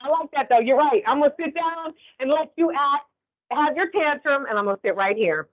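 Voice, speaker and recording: High-voiced woman teaching a class. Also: brisk. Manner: conversational, checks in with "right?" often. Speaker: instructor. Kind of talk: classroom training lecture. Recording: tinny phone-like sound.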